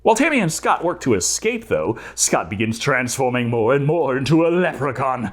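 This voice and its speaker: A man's voice: medium pitch, sing-song, moderate pace. A man narrating a comedic movie review in a sarcastic, jokey manner.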